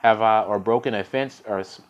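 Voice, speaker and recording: A man voicing a gentle wise ox. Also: on the low side, brisk, muffled recording, lightly acted. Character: gentle patient ox, wise and loyal.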